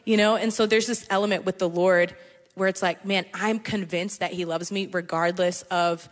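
A woman's voice: on the low side, fairly even intonation. Woman panel guest, playful and chatty, long hall reverb. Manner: playful and chatty, quick to laugh. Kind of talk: casual faith encouragement on stage. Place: large hall at a live church gathering.

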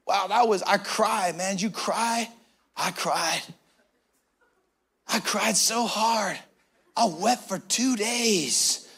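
A man voicing an over-emotional male viewer who speaks in a soft, mopey tone of overdone sorrow. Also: high voice, slow pace, pauses often, slightly rough, pitched below the performer's own voice, heavily acted.

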